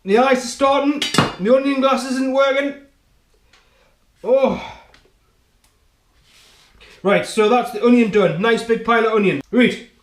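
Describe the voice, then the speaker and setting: A man's voice: very high voice, a little slow, long pauses. A man hosting a home cooking show, chatting and joking with the viewer as he demonstrates chopping in his kitchen. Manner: chatty, jokey, talks straight to the viewer with frequent "right?". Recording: echoey kitchen with faint noise.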